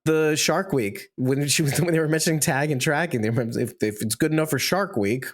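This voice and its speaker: A man's voice: on the high side, brisk. A man co-hosting a podcast, joking playfully and laughing a lot in casual chat. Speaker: podcast co-host.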